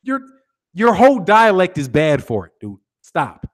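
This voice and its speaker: American guy ranting on his boxing channel, swears a lot, keeps laughing, highish lively voice. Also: a little slow. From United States. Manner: profane, teasing, laughs often. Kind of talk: casual ranting commentary.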